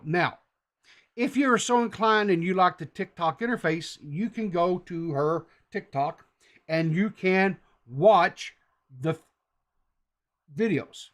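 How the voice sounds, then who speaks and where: A man's voice: sits high, fairly bright tone. Rambling man recapping a story. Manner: meandering, loose storytelling recap. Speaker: podcast host. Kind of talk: casual podcast chat.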